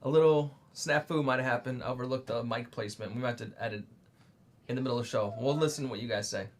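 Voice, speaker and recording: A man's voice: medium pitch, quick pace, a little hiss or hum. A man co-hosting a casual live sewing chat, talking in a joking, easygoing way. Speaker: co-host collecting viewer questions.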